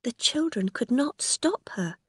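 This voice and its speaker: A woman reads a story aloud slowly and clearly, her voice rising and falling with lively expression. Her tone is breathy and husky, recorded dry and close to the mic. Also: sits high, no room sound. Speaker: narrator. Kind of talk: graded-reader story narration.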